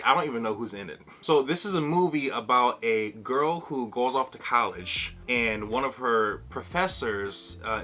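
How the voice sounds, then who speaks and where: A man speaks straight to his camera in a casual vlog and tells a personal story with animated energy. His voice has a bright, forward edge and a middling pitch. Faint music sits quietly underneath. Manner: animated, acts out other people's lines. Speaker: vlogger.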